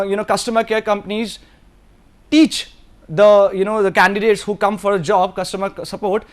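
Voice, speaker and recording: A man from Delhi lectures in Indian English, his voice sitting high for a man. He speaks earnestly and straight to his students, circling back over his points and sometimes dropping into Hindi mid-sentence. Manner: earnest, repetitive, addresses students directly, slips into Hindi. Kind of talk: recorded course lecture.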